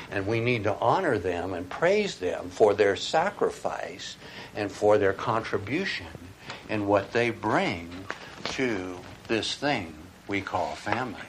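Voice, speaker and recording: Male preacher, emphatic sermon delivery, lowish voice, faint background noise. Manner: emphatic, with rhetorical questions.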